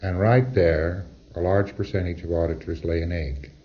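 Male lecturer, very low voice, wry and conversational, muffled lo-fi tape. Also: steady tone, moderate pace. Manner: conversational, wry, acts out exchanges. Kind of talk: recorded lecture to trainees.

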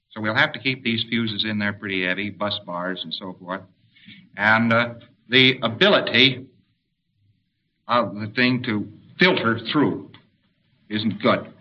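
A man delivering a lecture at an even, mid-pitched register. He explains step by step and now and then acts out short commands. The recording is muffled and lo-fi. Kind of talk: spoken lecture with diagrams.

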